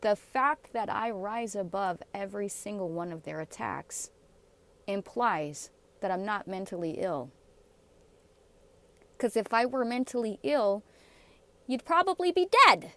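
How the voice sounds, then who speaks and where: A woman's voice: medium pitch, measured pace. A woman vlogger giving casual, sarcastic commentary on comments, blunt and given to laughing asides.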